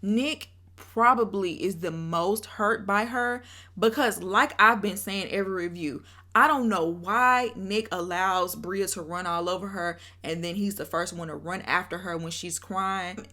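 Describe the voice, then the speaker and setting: Young woman, bright tone, opinionated video host ranting to camera. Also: medium pitch. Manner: opinionated, animated, addresses viewers directly. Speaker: reality TV reviewer, channel host. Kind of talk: casual commentary rant.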